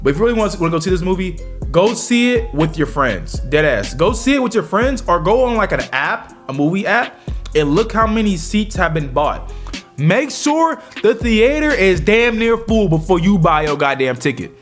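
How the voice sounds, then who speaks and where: Animated, slangy male movie reviewer. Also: high-pitched, moderate pace, soft background music. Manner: animated, slangy, repeats fillers. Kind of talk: casual movie review vlog.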